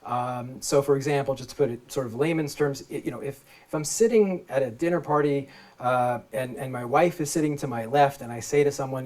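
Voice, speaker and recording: A law professor gives a public lecture through a microphone in an event space with a live audience, speaking plainly and informally for laypeople. His voice is mid-range, brisk, and a little mellow.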